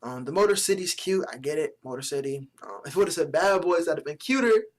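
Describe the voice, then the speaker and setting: A man's voice: a little high, animated, fairly quick. A young man giving casual, profane commentary as a vlogger, blunt and mocking with plenty of slang. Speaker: vlogger reviewing sports jerseys.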